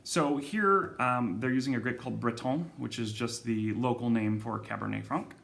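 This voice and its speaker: Speaking to camera in a relaxed video, a man presents his wine shop's monthly wine club selections. He has a medium-pitched, gravelly, slightly bright voice at a normal speed. His talk is loose and casual, full of ums and self-corrections.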